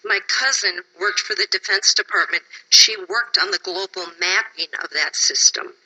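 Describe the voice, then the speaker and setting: Husky, emotional woman testifying. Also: medium pitch, moderate pace, bright, forceful tone, poor audio. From Wisconsin, USA. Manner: emotional, pleading, sometimes drops to a whisper. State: tired. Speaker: public commenter testifying at a hearing.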